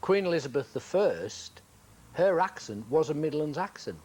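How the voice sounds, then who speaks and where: A man's voice: fairly high pitch, very animated, normal speed, darkish tone, slightly rough. A man explaining a point in an earnest, emphatic way. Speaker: interviewee. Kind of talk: explanatory chat.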